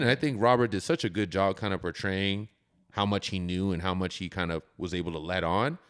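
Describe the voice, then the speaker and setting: A man talking about a film on a podcast, animated and acting out reactions as he explains. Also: deep voice, brisk, clear, resonant tone. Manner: animated, acts out reactions in quoted voices. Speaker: podcast guest. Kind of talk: casual chat about a film.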